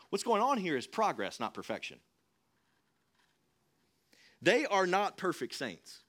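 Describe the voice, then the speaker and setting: A young man preaching a sermon in a church, in a conversational, animated way. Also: high voice. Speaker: pastor. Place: church sanctuary.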